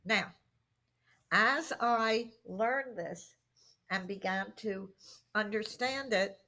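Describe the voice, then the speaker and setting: A middle-aged woman speaks as a podcast interview guest, spinning anecdotes and acting out what people said. Her voice has a gravelly, creaky edge, and her pitch sits in an ordinary middle range. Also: drawn-out words. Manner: animated anecdotes with acted-out quotes. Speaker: guest expert on workplace communication.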